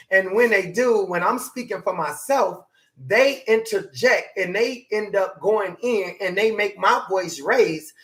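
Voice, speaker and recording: A man preaching a motivational sermon, animated and hollering, his voice climbing higher as he makes his point. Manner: voice climbs high when emphatic.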